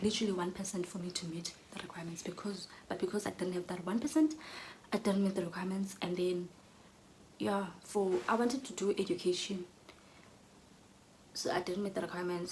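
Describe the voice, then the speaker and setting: A young woman telling an earnest personal story, often dropping to a soft whisper. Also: mid-range voice, a little hiss or hum, poor audio. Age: young adult. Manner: earnest, drops to soft whispers when emotional.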